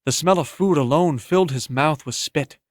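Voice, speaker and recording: A man narrating an audiobook in a steady, even storytelling manner, close to the mic. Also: a little high, normal speed, no room sound. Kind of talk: scripted narration.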